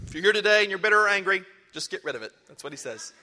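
A pastor preaches in a conversational style and then rises to emphatic exhortation. His voice sits high and bright. It carries a long reverb from a large church hall. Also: animated, very fast, few pauses. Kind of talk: sermon.

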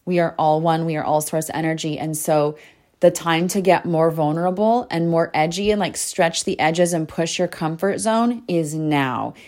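A woman's voice: fairly low pitch, a little mellow. A young adult woman hosting her own podcast, talking earnestly and from the heart, with lots of "like" fillers. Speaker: podcast host and spiritual coach. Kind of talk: casual podcast monologue.

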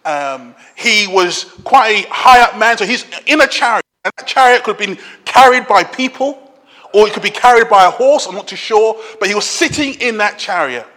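High, bright-voiced preacher in a hall. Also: male voice, animated, moderate pace. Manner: conversational preaching with emphatic repetition. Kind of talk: sermon.

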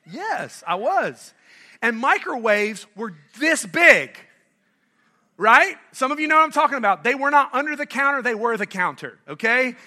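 A middle-aged pastor from North Carolina with a very high voice preaches a sermon at a moderate pace. He's animated and conversational, putting questions to the congregation and joking with them.

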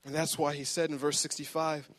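A man's voice: a little high, little pitch movement, fairly quick, a bit bright. A man preaching a sermon in a church, fervent and emphatic, repeating words as he presses his point. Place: church sanctuary.

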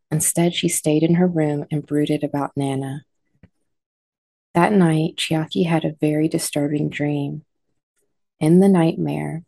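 A woman narrating scripted horror stories in a low, mellow voice. Her telling is measured and dramatic. The recording is close and dry. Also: vocal fry, dry recording.

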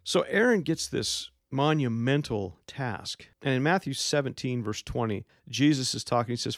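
A man's voice: medium pitch, lively intonation, normal speed, hardly any pauses, no room sound, clean studio sound. A man hosting a devotional podcast, reading scripture and explaining it in a plain, conversational way. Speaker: podcast host and Bible teacher.

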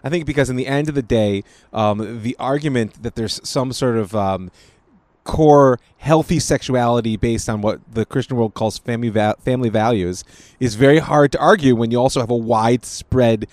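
A man chats on a podcast in a measured, analytical way, often cutting in briefly. His pitch is mid-range for a man. The recording is dry and close. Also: a little mellow, no room sound. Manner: measured, analytical, short interjections. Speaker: podcast co-host. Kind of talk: casual political chat.

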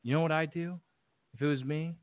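A man's voice: on the high side, fairly even intonation, a little fast, dry recording. A man talking bluntly and emphatically in a casual discussion, swearing freely. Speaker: podcast guest. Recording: tinny phone-like call audio, dry.

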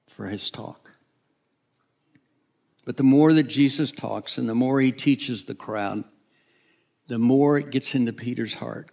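A man's voice: mid-range voice, vocal fry, a little mellow. A man preaching a sermon, retelling a Bible story dramatically, acting out the characters and sometimes dropping to a whisper.

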